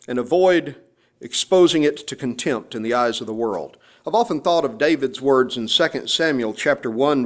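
A man preaching a sermon, explaining and quoting scripture passages with emphasis. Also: mid-range voice. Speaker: pastor.

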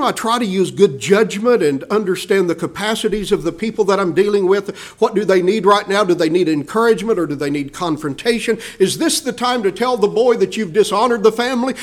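A man preaching a sermon, asking the listeners questions and acting out the voices of the people in his story. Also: high-pitched. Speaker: pastor.

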